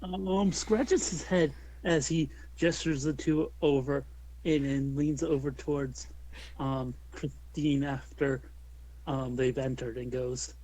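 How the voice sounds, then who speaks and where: A man's voice: mid-range voice, steady tone, takes it slowly, mellow, poor audio. A man narrating his character's actions in a tabletop game, hesitant and full of fillers. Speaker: player.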